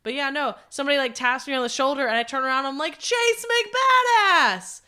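A young woman with a bright, slightly high voice tells a story as a podcast co-host. She is animated, acts out what everyone said and swears casually. The chat is relaxed and informal. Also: rapid-fire.

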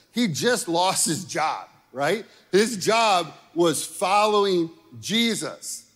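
A man with a slightly higher voice preaching a sermon to a congregation in a relaxed, talky way, again and again asking his listeners "right?" and "okay?". His voice rings with the long reverb of a large hall. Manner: conversational preaching with frequent rhetorical "right?" and "okay?". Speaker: pastor.

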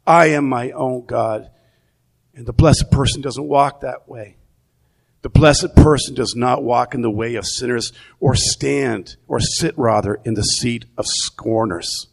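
Male pastor, unhurried sermon delivery, gravelly tone, conversational with restarts. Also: medium pitch. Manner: conversational, repeats words while thinking.

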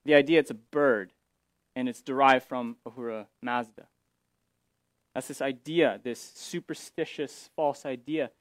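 A man's voice: mid-range voice, a little slow, dry recording. Man preaching a casual sermon. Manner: explanatory, paraphrasing scripture with frequent restarts. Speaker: pastor.

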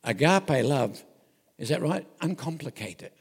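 A man's voice: fairly high pitch, sing-song, measured pace, slightly rough, big-room sound. An older man with an Australian accent preaching a folksy, joking, anecdotal sermon, often breaking off mid-thought. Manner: folksy and joking, with self-interruptions.

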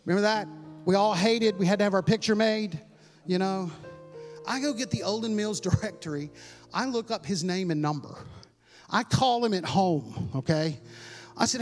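High-voiced preacher telling his story. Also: normal speed. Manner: animated, self-mocking, repeats words while telling a story. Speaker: pastor. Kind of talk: sermon testimony storytelling. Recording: long hall reverb with faint music.

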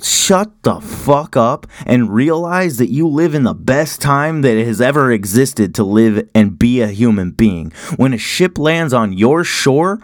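A man's voice: mid-range voice, animated, a little slow, hardly any pauses, dry recording, studio quality. A man hosting a podcast, delivering a heated ranting monologue and swearing constantly. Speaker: podcast host.

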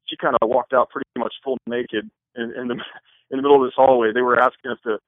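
A man's voice: medium pitch, steady tone, fast talker, no echo. Man, earnest and rambling, tinny phone-call sound, dry. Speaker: wedding photographer. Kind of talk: casual interview answers.

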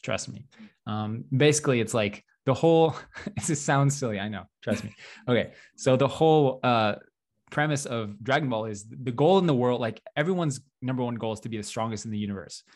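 A man's voice: mid-range voice, animated, fairly quick, darkish tone. A young man co-hosting a podcast, chatting casually, rambling with lots of fillers and little laughs. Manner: rambling, self-deprecating, laughs often, many fillers. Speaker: podcast co-host.

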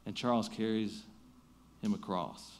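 A man pastor preaching a sermon, telling a story with lively emphasis and easing into quiet, soft prayer. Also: fairly low pitch, measured pace.

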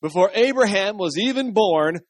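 A man's voice: high-pitched, animated, normal speed, dry recording, pitched above the performer's own voice. A male pastor reading the words of Jesus aloud in a sermon, emphatic and declaring. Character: Jesus, calm and authoritative teacher. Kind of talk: dramatic scripture reading in a sermon.

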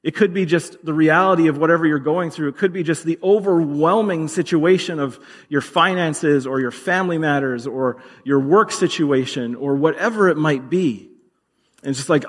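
A man's voice: fairly high pitch, normal speed. A man preaching a sermon in a conversational, earnest way, with dramatic readings of scripture. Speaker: pastor. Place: church hall. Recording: reverberant hall.

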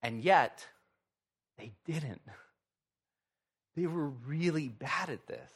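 A man pastor giving a sermon in a conversational, lively way with wry humor. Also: fairly high pitch, takes it slowly, breathy edge.

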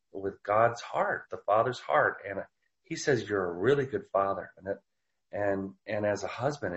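Man preaching, low voice, halting restarts, dull lo-fi recording. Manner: storytelling, halting with many restarts. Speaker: preacher and author. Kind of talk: casual teaching talk. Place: Portland area.

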